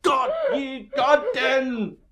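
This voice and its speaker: An actor playing a domineering, hot-tempered nobleman father in a 1970s radio drama, blustering and shouting. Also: extremely high pitch, little pitch movement, very slow, noisy background, full character voice. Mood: furious.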